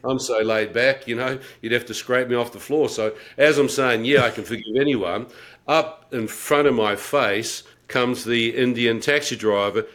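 A man's voice: mid-range voice, moderate pace, a bit bright. A middle-aged man telling his life-changing testimony in a vivid, wry way. He laughs at himself and acts out his own thoughts. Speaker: guest telling his conversion story. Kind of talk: personal testimony storytelling.

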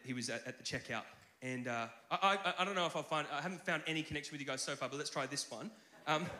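Male pastor, sermon delivery, bright voice, chatty animated storyteller, echoey hall. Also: a little high, a little hiss or hum. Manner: conversational, animated storytelling with filler restarts.

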